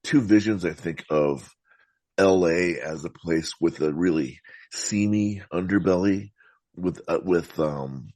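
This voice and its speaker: A man talking about films as a podcast guest, in a thoughtful, meandering way with frequent halting restarts. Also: low voice, a little mellow, no echo. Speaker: podcast guest, film critic. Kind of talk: casual film discussion.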